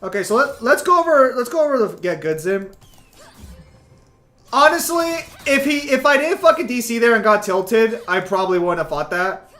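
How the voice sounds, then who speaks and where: A young man talks through a casual gaming stream in a high, bright voice, swearing freely and rambling through fillers. Faint music plays under his chatter. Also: lively intonation, moderate pace.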